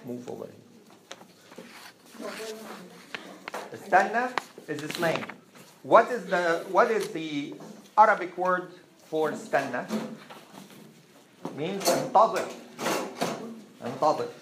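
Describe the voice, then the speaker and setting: A man's voice: fairly high pitch, animated, slow pace, pauses often. Man teaching arabic in an echoey classroom. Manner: patient, repeats phrases for drilling. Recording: roomy classroom with faint noise.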